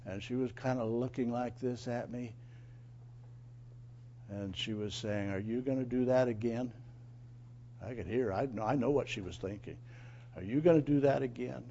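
A man telling a personal moral story in an animated way, asking his listeners questions and acting out quotes. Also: mid-range voice, lo-fi sound, slight background noise. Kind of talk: storytelling sermon.

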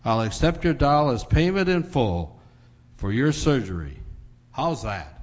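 A man voicing a kind, gentle surgeon. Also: mid-range voice, animated, unhurried. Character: kind male eye surgeon, gentle and generous. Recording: dull recording in a large hall.

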